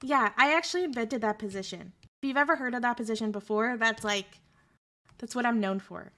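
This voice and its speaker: A woman's voice: on the high side, fairly quick, sharp tone. A young woman streamer chatting casually with her audience, sarcastic and joking as she answers chat.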